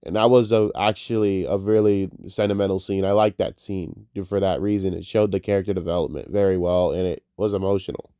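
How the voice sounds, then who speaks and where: A man's voice: deep voice, steady tone, a little fast, hardly any pauses, dark tone, clean tone, no room sound, studio quality. Tearful, profane male movie reviewer. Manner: emotional, profane, rambling. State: tearful, crying. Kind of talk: casual spoken movie review.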